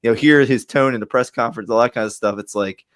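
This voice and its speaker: Male host, mid pitch, easygoing jokey chat, dry sound. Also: fast talker, dry recording. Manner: joking, easygoing. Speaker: podcast host. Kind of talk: casual sports chat.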